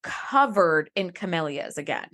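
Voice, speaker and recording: A woman's voice: on the low side, measured pace, a crowd in the background. A woman co-hosting a podcast, recapping an episode in casual chat and acting out characters' lines. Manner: animated, profane, acts out characters' lines. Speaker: podcast co-host.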